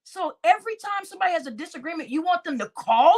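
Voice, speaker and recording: A woman's high voice swings up and down as she rants through livestream commentary. She is indignant and exclaiming, and she speaks straight to her viewers. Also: expressive, fast, few pauses. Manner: indignant, exclaiming, addresses chat.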